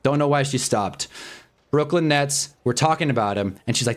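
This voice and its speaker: A young man livestreaming, telling a rambling, animated, self-mocking story in casual chat. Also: medium pitch, moderate pace. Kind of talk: casual storytelling on a live stream.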